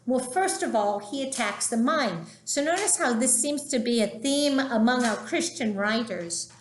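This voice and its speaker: Lady teacher talking slow and chatty about a poem, leans hard on key words, roomy echo. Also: a little high, expressive, slight background noise. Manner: chatty, emphatic, acts out quoted dialogue. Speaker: literature teacher. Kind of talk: informal lecture.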